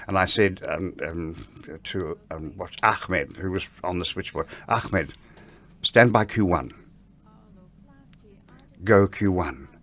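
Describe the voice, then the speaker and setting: A man's voice: sits low, takes it slowly, long pauses. An older man from the ballet world, telling backstage stories in an interview and acting out the dialogue as he goes. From Australia. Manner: animated raconteur who acts out quoted dialogue. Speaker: interview guest, ballet veteran. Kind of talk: anecdotal interview storytelling.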